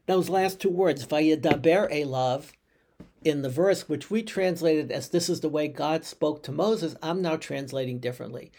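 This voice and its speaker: A man's voice: fairly high pitch, normal speed, creaky, few pauses, noisy background. A man, a rabbi, teaching Torah commentary in an explanatory way, posing questions to his listeners and sometimes correcting himself.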